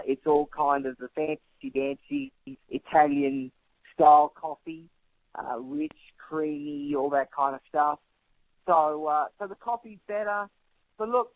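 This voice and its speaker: A man's voice: a little high, dry recording. An Australian man in his thirties, a guest in a radio interview, speaking confidently in punchy rhetorical contrasts. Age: 30s. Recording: tinny phone line, dry.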